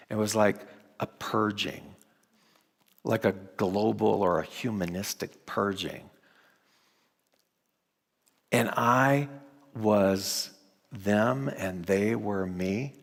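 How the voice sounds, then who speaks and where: A middle-aged man preaching a storytelling sermon, with dramatic pauses and hushed moments. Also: fairly low pitch, gravelly. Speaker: minister. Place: large church sanctuary. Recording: long hall reverb.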